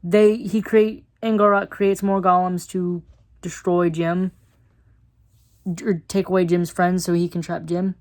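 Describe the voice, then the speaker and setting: A woman's voice: lowish voice, flat delivery, measured pace, a little mellow. A woman giving a casual, chatty episode review. She uses lots of fillers and laughs now and then.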